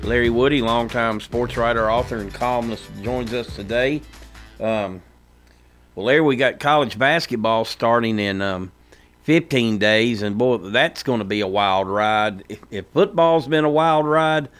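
A man's voice: mid-range voice, unhurried, a bit bright. Man, sports radio host, casual chat, easygoing, faint background music.

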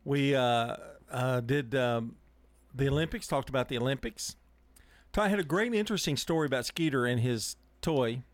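A man's voice: medium pitch, normal speed, no room sound. Joking man co-hosting morning radio. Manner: joking, stumbling restarts, laughs easily. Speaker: radio show co-host. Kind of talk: casual on-air banter. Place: radio studio.

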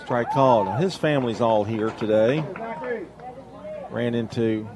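A man calling a high school baseball game on radio, chatty and joking between pitches. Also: measured pace, background noise. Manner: chatty, jokey, tells stories between pitches. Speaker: play-by-play announcer.

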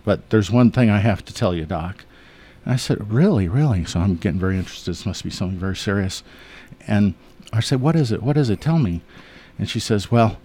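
A low-voiced man sits in a radio studio and tells funny stories about his patients. His folksy delivery is full of chuckles and quick impressions of the people in them. The sound is close and dry, with no room around it. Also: a little mellow, no room sound. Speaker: eye surgeon guest. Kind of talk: relaxed anecdotal storytelling.

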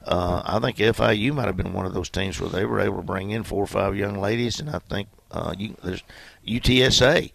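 A man's voice: on the low side, fairly quick, gravelly. A man, a basketball coach telling stories in a folksy way in a radio interview. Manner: folksy storytelling.

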